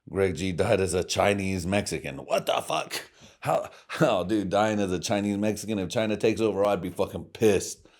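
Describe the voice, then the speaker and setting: Low-voiced profane male podcaster. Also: a little mellow. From California, USA. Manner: profane, rambling, laughs often at his own jokes. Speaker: podcast host. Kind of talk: casual comic monologue.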